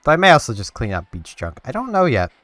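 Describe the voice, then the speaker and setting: A man's voice: mid-range voice, huge pitch swings, fast talker, a bit bright, no room sound, faint music behind. A man giving casual let's-play commentary, rambling and talking to himself and to the game as he plays. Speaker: gameplay commentator.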